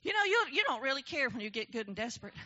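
High, bright woman preaching. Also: very animated, very fast, lo-fi sound. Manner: emphatic, swings between low storytelling and shouted preaching. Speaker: preacher giving testimony. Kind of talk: testimony sermon. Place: church.

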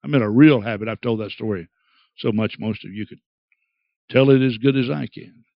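A man's voice: fairly quick, creaky, no room sound, muffled recording. Man, pastor, dramatic sermon, acts out voices, dry close sound. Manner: dramatic, acts out quoted voices with big pitch swings.

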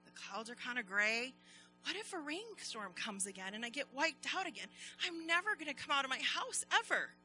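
A woman's voice: high-pitched, big pitch swings, normal speed, pushed and bright, faint music behind, exaggerated voice. A woman voicing a timid, discouraged female spider in a children's story, speaking hesitantly and full of doubt. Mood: doubtful.

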